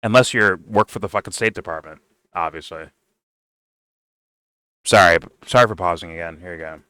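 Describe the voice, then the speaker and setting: A man's voice: low voice, moderate pace, bright, forceful tone, clean tone, dry recording, clean studio sound. A man commenting on a debate clip in a blunt, profane, exasperated rant.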